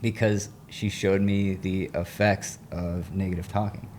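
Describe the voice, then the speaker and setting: A man's voice: sits low, level tone, a little slow, a little mellow, slight background noise. A man, a recovery coach on an interview show, telling a personal story in an earnest, rambling, casual way with lots of slang.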